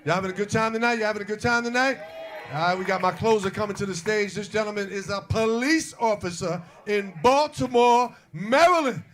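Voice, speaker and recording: High-voiced comedy show host hyping the crowd. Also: male voice, a little fast, a bit bright. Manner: hypes the crowd, crude banter.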